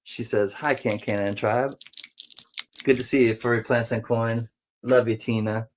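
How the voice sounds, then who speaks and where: A man hosting a casual livestream who greets viewers one by one in a friendly, rambling way and now and then jumps into silly high voices. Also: flat delivery, measured pace, background noise.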